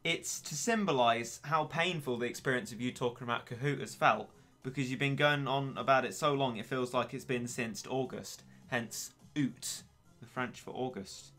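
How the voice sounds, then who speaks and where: Late-teen male streamer, wry and chatty, sharp bright voice. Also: medium pitch, moderate pace, few pauses, soft background music. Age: late teens. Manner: chatty, wry and self-mocking. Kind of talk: casual gaming stream chat.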